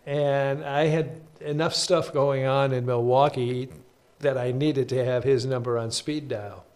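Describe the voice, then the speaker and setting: A bishop recounting stories in an interview. His voice sits at a middle pitch for a man, and he tells things anecdotally, often restarting his sentences. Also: steady tone, a little slow, darkish tone. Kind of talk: storytelling interview answer.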